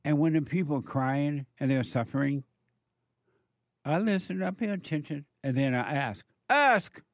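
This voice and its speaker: A man's voice: a little high, normal speed, darkish tone, no echo. A male counselor delivering a preachy monologue, firing off emphatic rhetorical questions in a scolding tone.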